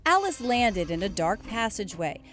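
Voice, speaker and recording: A woman, a news anchor, reading a children's story aloud in an expressive, animated way. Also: medium pitch, normal speed, over music. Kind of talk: storybook narration.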